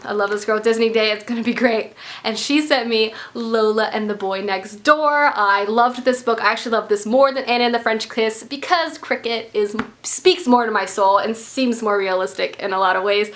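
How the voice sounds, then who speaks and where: A young woman from the United States, a book vlogger talking casually and excitedly, gushing with lots of "like" fillers. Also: fairly high pitch, normal speed, hardly any pauses. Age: young adult. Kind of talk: casual book haul chat.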